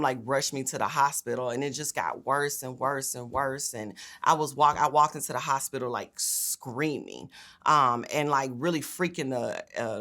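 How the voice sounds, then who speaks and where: A woman's voice: a bass voice, a bit bright. A young woman, a state senator giving a personal testimony in an earnest, conversational way with frequent fillers. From Memphis, Tennessee.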